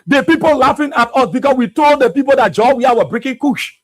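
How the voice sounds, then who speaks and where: A man with a Liberian English accent hosting a radio talk show, giving animated, mocking political commentary and laughing often. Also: extremely high pitch, brisk, dry recording.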